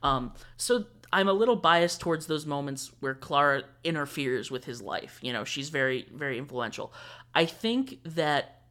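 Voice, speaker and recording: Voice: medium pitch, moderate pace, sharp tone. A young adult reviewer, a guest on a podcast, explaining opinions in a thoughtful, casual way. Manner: thoughtful, explanatory, with frequent fillers. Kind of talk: casual fan discussion.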